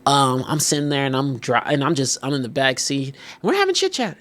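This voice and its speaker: A man hosting a casual podcast chat. He tells a story with lots of swing in his pitch, acting out the other people in it and cursing freely as he goes. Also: brisk. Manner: animated, acts out other people's voices. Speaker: podcast host.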